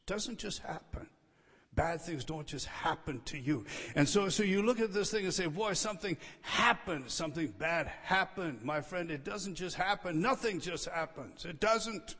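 A man preaching in a church sanctuary, his voice sitting a little high for a man. He hammers home his points by repeating short phrases, then drops to a near hush. A long reverb trails each line through the large hall. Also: expressive, normal speed, breathy edge. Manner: emphatic, repeats key phrases, swings from loud to hushed. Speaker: pastor. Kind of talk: expository sermon.

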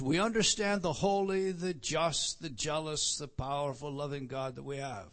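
A middle-aged man preaching a sermon, repeating phrases for emphasis and swinging from loud declarations to soft asides. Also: fairly high pitch, normal speed, few pauses. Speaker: pastor.

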